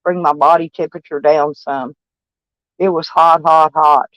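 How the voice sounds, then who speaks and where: An older woman van-life vlogger, with a deep, fairly bright voice, talks to camera about her day at normal speed and in a steady tone. She's blunt, profane and rambling, and the recording is dull and dry.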